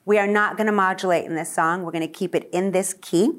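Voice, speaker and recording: A woman's voice: lowish voice, fairly even intonation, fast. A woman teaching a singing lesson, singing short lines for a student to echo and coaching with encouragement between them.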